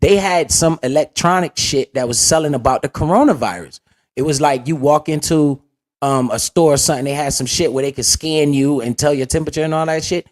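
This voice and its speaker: A man's voice: a little high, brisk. A young man telling a casual, profane, slang-heavy story as the host of a finance video.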